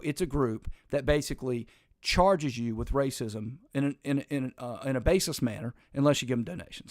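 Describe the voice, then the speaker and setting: A man's voice: mid-range voice, darkish tone, dry recording, clean studio sound. A man hosting an opinionated political commentary show, talking emphatically and in a rambling way, with frequent restarts and sarcastic asides.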